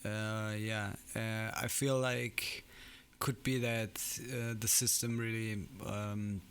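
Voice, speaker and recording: A man from Germany chats in English on a podcast, his accent a mix of British and American shaped by his German first language. His voice carries a gravelly edge, and he talks hesitantly, stopping and restarting his thoughts. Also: lowish voice, little pitch movement, takes it slowly, fairly bright tone. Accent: German-influenced English, mixed British and American. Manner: hesitant, many fillers and restarts. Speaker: podcast co-host. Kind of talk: casual chat.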